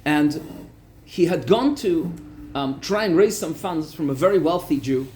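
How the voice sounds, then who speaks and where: A man, a rabbi, telling a story in a lively Torah lesson, repeating words for emphasis. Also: fairly high pitch, unhurried, a little hiss or hum. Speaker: rabbi teaching a weekly class.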